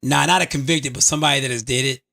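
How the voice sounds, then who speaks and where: A man co-hosting a podcast, joking loudly and casually, swinging between high yells and low mumbles. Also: fairly even intonation, rapid-fire, vocal fry. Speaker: podcast co-host.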